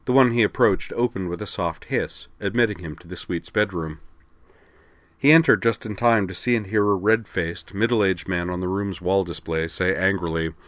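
A man narrating a story aloud in a steady, measured way. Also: sits low, no room sound. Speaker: story reader. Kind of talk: audiobook narration.

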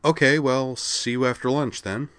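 A man's voice: mid-range voice, fairly even intonation, moderate pace, a bit bright, smooth, no echo, voice pushed up, natural voice. Wry young woman pilot, voiced by a man. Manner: wry, slightly sheepish. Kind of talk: audiobook reading.

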